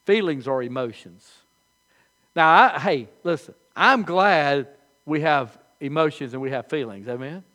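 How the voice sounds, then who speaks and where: Older guy pastor preaching, folksy storytelling, bit of a higher voice. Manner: folksy storytelling, animated, halting restarts. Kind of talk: sermon.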